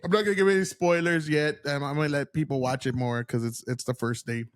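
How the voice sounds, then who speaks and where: A man's voice: fairly high pitch, fairly even intonation, fast talker, dry recording, clean studio sound. A man hosting a casual podcast, rambling with lots of fillers and swearing freely. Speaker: podcast host.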